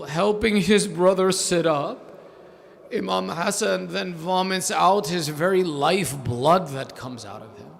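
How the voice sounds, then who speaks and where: A man preaching a mourning sermon, building from a slow, low telling to a loud, wailing lament. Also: gravelly, a little hiss or hum. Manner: quotes figures in a pleading voice without acting them out.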